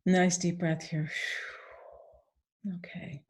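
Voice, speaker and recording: A woman coaching a guided tapping session. She speaks gently, repeats phrases in the first person, and pauses for sighs and deep breaths. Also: little pitch movement.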